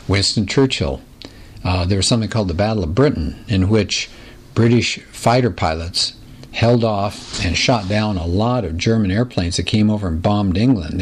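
A man's voice: sits low, slightly rough. A man teaching a recorded Bible lesson, explaining patterns and reading scripture aloud, often asking his listeners rhetorical questions.

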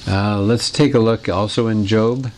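Low-voiced man lecturing conversationally. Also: steady tone, measured pace, noisy background. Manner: conversational, explanatory, asks the listeners questions; clears his throat now and then. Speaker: teacher. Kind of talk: lecture on literature.

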